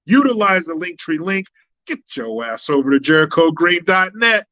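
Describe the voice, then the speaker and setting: A man's voice: on the high side, sing-song, moderate pace, bright, forceful tone, no room sound, highs cut off. A man hosting a political commentary live stream, talking in a blunt, profane, combative way.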